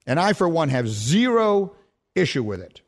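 A man on sports radio delivering a fired-up opinion segment. His voice sits high and swings widely in pitch as he hammers home point after point with rhetorical questions. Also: normal speed. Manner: emphatic, rhetorical questions, animated.

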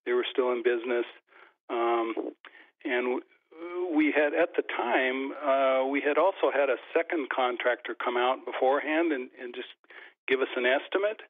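A male caller speaks over a thin, tinny telephone line. He talks hesitantly, pausing with fillers and starting his sentences over as he works toward his question. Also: mid-range voice. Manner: hesitant, with many fillers and restarts. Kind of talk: phone-in question.

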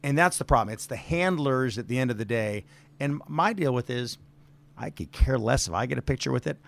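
A man's voice: medium pitch, lively intonation, brisk, vocal fry. Outspoken middle-aged man telling stories. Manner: outspoken storyteller, acts out quotes. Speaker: arena manager, guest. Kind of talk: casual interview chat. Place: office.

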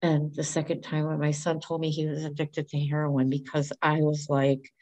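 A middle-aged woman speaks as a guest, voice a shade low for a woman. She tells a personal story openly and expressively. She acts out the lines of the people in it. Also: moderate pace. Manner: candid and expressive, acts out quoted speech.

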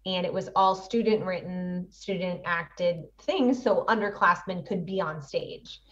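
A woman's voice: lowish voice, a little slow, fairly bright tone, distant mic, dull audio. A woman in her thirties, an actress and producer, chatting animatedly as an interview guest and laughing often. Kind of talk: casual interview chat.

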